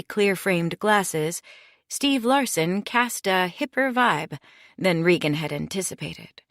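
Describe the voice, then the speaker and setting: A woman reading a mystery audiobook in steady, measured scripted narration. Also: on the low side, dry recording, studio quality.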